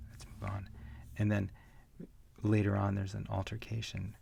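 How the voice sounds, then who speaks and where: A man teaching an online comics class in a relaxed, rambling way, with frequent fillers. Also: lowish voice, normal speed, gravelly, slightly rough, dry recording. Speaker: comics instructor. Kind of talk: online lecture.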